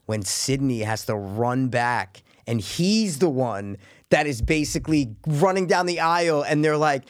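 Dude swearing and rambling on a podcast, dry close mic. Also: male voice, medium pitch, animated, a little slow, no room sound. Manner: profane, rambling, says "you know what I'm saying" often. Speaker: podcast co-host. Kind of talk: casual chat.

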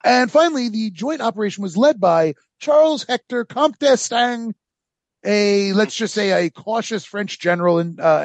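A man with a high, gravelly voice hosts a casual history podcast, telling the story with rambling, sarcastic asides and plenty of fillers. There's no room sound.

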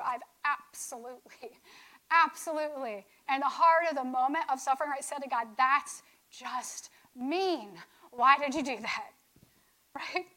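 A woman's voice: high voice, sharp tone, rough recording. A woman teaching from scripture in a conversational sermon style, often checking in with "right?". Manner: conversational, keeps asking "right?". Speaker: speaker on faith.

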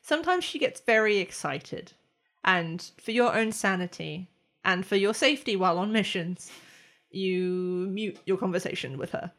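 A woman narrating as game master of a tabletop game, chatty and expressive. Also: mid-range voice, normal speed.

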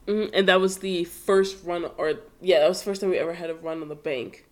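A woman's voice: lowish voice, fairly even intonation, a little fast. A woman in casual chat recapping a film, chatty and wry.

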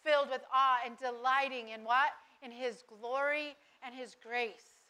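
A woman's voice: high-pitched, fairly even intonation, a little slow, bright, forceful tone, smooth. A woman giving earnest devotional Bible teaching, asking listeners rhetorical questions.

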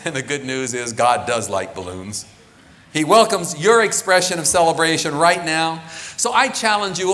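A man's voice: fairly high pitch, a bit bright. Man preaching in a reverberant church. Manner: earnest, rising and falling preaching cadence. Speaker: pastor. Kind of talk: sermon. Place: church sanctuary. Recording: long reverb of a large church.

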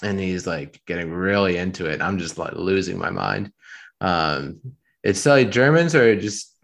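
A man co-hosting a podcast, telling a travel story in a rambling, deadpan way with lots of fillers. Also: low voice, unhurried, creaky. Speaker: podcast co-host. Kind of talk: casual chat.

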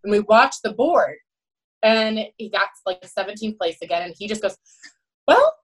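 A woman's voice: mid-range voice, moderate pace, fairly bright tone, rough recording. A middle-aged woman who coaches college swimming tells candid, emphatic stories in a podcast interview and leans on "you know" and "right?". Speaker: college swim head coach.

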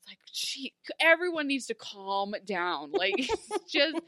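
A woman's voice: high voice, big pitch swings, measured pace, pushed and bright, no echo, clean studio sound. A woman co-hosting a podcast, recapping a TV episode in casual chat and acting out characters in exaggerated voices.

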